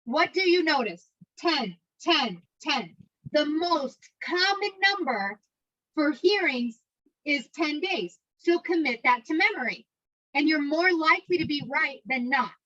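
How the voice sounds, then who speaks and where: An American woman instructor teaching an exam prep class, talking fast and drilling key points by repeating them. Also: high voice, lo-fi sound. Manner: fast, energetic, repetitive drilling with memory tricks.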